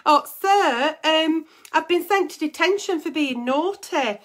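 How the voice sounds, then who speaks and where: A woman's voice: high-pitched, expressive, unhurried, voice pushed up. A woman voicing a coy pretend schoolgirl in detention, speaking in a girlish, mock-innocent way.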